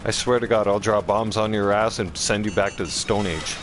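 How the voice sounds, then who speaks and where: A man's voice: fairly low pitch, steady tone, fairly quick, background noise. A man streaming a game, giving profane, taunting commentary to other players. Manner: trash-talking, profane, taunting. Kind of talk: gameplay commentary. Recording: game gunfire behind voice.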